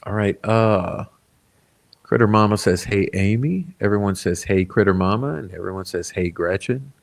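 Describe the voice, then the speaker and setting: A laid-back livestream host with a fairly low voice and some vocal fry reads viewer comments aloud at a normal speed. He rambles, uses lots of fillers, and chuckles often.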